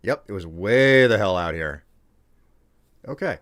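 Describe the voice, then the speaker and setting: A man's voice: fairly low pitch, expressive, unhurried, fairly bright tone, no echo, clean studio sound. A man chatting casually to his live-stream chat while he plays, rambling and joking. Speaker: game streamer.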